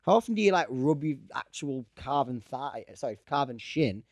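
A young man chats loosely as co-host of a podcast, drifting from thought to thought and laughing often. His voice sits at an ordinary middle pitch. The sound is dry and close. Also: lively intonation, normal speed, no room sound. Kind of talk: casual chat.

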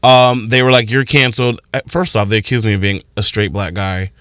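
A man's voice: fairly low pitch, flat delivery, brisk, a bit bright, no echo. A man co-hosting a radio show in casual chat, talking in an impassioned, rambling way full of restarts. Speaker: radio co-host.

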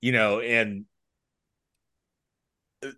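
A man's voice: on the low side, steady tone, extremely slow, pushed and bright. A man co-hosting a podcast in casual chat, thinking aloud in a hesitant, rambling way. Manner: hesitant and rambling, many fillers and restarts. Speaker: podcast co-host.

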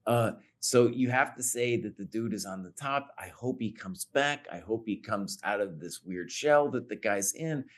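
A man co-hosting a casual podcast chat, talking in an animated, emphatic and teasing way. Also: fairly low pitch, moderate pace, few pauses. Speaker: podcast co-host.

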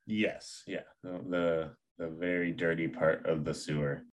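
Low-voiced man recapping a plot. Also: flat delivery, measured pace. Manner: recaps plot, laughs often. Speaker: podcast co-host. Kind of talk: casual chat.

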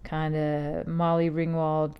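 A woman's voice: low-pitched, monotone, slow, clean tone, lo-fi sound. A woman in her fifties hosting a podcast, talking in a casual, meandering way full of fillers and restarts. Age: 50s. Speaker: podcast host. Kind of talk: casual rambling monologue.

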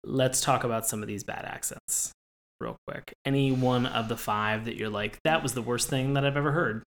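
A man hosting a podcast, talking in a rambling, animated and playful way in casual chat. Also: mid-range voice, normal speed, gravelly, a little hiss or hum. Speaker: podcast host.

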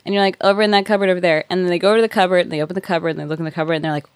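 A woman chatting casually, blunt and profane, telling an animated story. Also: fairly low pitch, rapid-fire, clean tone, no room sound. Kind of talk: casual chat.

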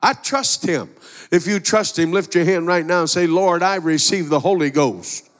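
A man's voice: high-pitched, normal speed. A male preacher giving a sermon in a folksy, conversational way, telling stories and voicing the people in them. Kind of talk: sermon with storytelling. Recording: long hall reverb.

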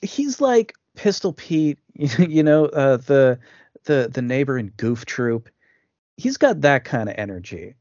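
A man's voice: medium pitch, big pitch swings, slow, darkish tone, no room sound. A man co-hosts a podcast, picking apart a film in casual chat and reaching for pop-culture comparisons. His voice sits in a middle range. The sound is dry and close, and a bit dull and lo-fi. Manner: analytical, makes pop-culture comparisons, repeats words when starting. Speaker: podcast co-host.

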